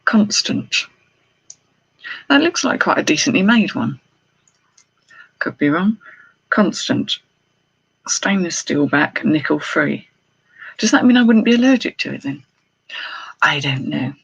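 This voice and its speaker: On a muffled recording, a middle-aged jewellery reseller hosts a live haul stream, unboxing and chatting casually with viewers. Her low voice swings widely in pitch, moves at a normal speed with frequent pauses, and has vocal fry and a slightly rough texture. She exclaims and thinks out loud as she goes.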